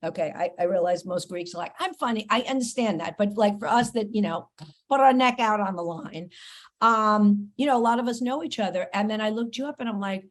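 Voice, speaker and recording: A woman hosting a comedy podcast, chatting and reading ads with quick, self-mocking asides. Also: medium pitch. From New York, USA. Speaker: podcast host. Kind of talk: casual podcast chat and host-read ads.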